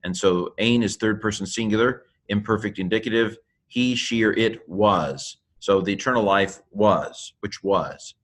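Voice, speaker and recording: Man spelling out Greek letters slowly. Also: fairly low pitch, fairly bright tone. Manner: spells out Greek letters one by one, with many fillers and self-corrections; quick asides to the viewer. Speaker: Greek teacher. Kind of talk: casual video lesson.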